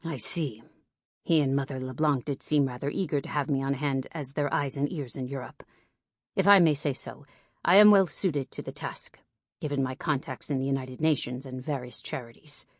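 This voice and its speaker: A woman reading an audiobook, voicing a tall, formal Nigerian man who speaks in a measured, courteous way. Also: mid-range voice, no echo, studio quality, close to an everyday voice.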